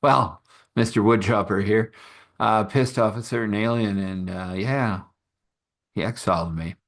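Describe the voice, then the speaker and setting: Man voicing a wry exiled woodchopper, low, easygoing, storytelling. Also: measured pace.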